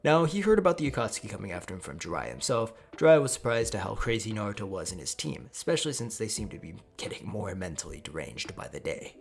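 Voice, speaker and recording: A man narrating a fan-made story in a crude, rambling way, swearing freely. His low voice is gravelly and husky, with lively swings in pitch. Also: quick pace, few pauses. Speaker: YouTube storyteller. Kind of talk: casual fan-fiction narration.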